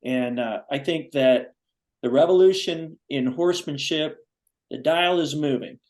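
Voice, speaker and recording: A man hosting a foundation's live video-call show, chatting enthusiastically in a rambling way with many pauses. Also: fairly high pitch, darkish tone, poor audio. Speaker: foundation vice president and host. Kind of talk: casual Zoom talk show chat.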